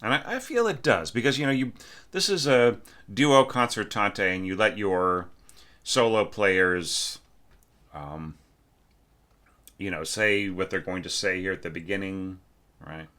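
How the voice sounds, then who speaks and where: Deep chatty man giving feedback on a score. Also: unhurried, long pauses, sharp tone. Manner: chatty and emphatic, sings phrases aloud to demonstrate. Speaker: orchestration teacher. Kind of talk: casual spoken feedback on a student's score.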